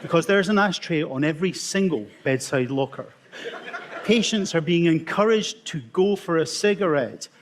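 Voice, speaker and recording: A middle-aged Scottish man, an emergency consultant, telling wry, self-mocking stories in a talk with dramatic pauses. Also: on the high side, a little hiss or hum. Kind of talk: storytelling conference talk.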